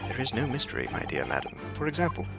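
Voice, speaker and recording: Man doing a grandiose british gentleman sleuth, showy, swooping, pompous. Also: mid-range voice, huge pitch swings, fast talker, vocal fry. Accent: put-on British. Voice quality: grandiose, theatrical delivery. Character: pompous, overconfident male gentleman detective. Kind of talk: reading game dialogue aloud. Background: game music.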